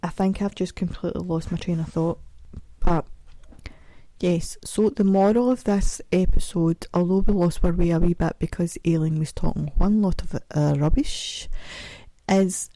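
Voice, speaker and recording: A woman's voice: lowish voice, steady tone, normal speed, warm tone, no room sound. A middle-aged Scottish woman hosting a podcast alone, chatting in a rambling, self-mocking way. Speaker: podcast host. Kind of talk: casual solo podcast chat.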